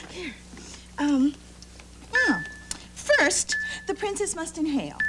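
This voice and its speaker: An actress playing a vain, giggly fairy-tale princess who is a writer, talking in a smug sing-song in a 1970s educational TV sketch. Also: female voice, extremely high pitch, full character voice, rough recording. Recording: hissy old 1970s TV tape.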